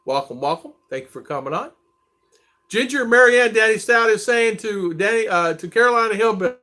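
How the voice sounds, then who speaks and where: Lively bright-voiced man hosting a livestream. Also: sits high, a little fast. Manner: chatty, greets viewers by name. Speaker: livestream host. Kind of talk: casual livestream chat.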